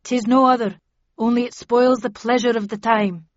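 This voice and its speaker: A woman voicing a commanding queen who speaks in smooth, placating verse. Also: a little high, steady tone, normal speed, no room sound, highs cut off, close to an everyday voice. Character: cool commanding queen covering for her husband.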